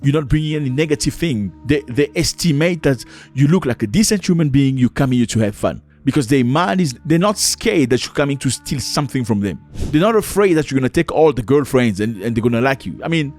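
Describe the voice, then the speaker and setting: A man's voice: fairly high pitch, a little mellow. Emphatic, preachy man vlogging. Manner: emphatic and preachy, acts out quoted voices. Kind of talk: opinionated monologue to camera.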